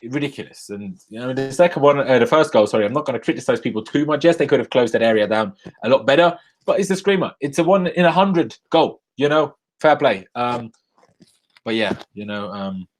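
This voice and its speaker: A young man live-streaming a rant after a football match, angry and swearing, jumping from loud outbursts to low muttering into a desk microphone. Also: expressive, fairly quick. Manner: angry, swearing, swings between shouting bursts and low muttering.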